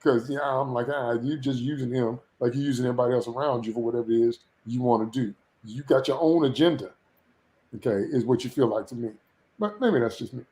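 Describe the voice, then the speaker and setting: Animated ranting man in an echoey room. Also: medium pitch, fast. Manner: animated, exasperated ranting with frequent laughs. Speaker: podcast co-host reviewing a TV episode. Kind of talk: casual opinionated chat. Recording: roomy echo.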